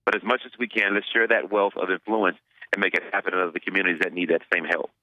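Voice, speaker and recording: Low-voiced pastor speaking earnestly. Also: male voice, fairly even intonation, fast, bright, forceful tone, dry recording, muffled recording. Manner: earnest, repeats words while searching for them. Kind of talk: interview answers.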